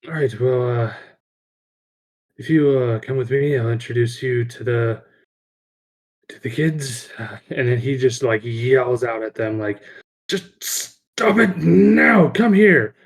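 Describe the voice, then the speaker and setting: A man's voice: medium pitch, steady tone, measured pace, long pauses, a little mellow. A man narrating as game master, rambling with lots of fillers.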